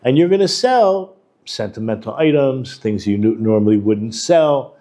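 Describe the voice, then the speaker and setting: A man's voice: mid-range voice, animated, normal speed, mellow. A man, a rabbi and educator, giving a conversational Torah lesson and working through texts with Hebrew terms and quotes. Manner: informal, with restarts and asides to the class.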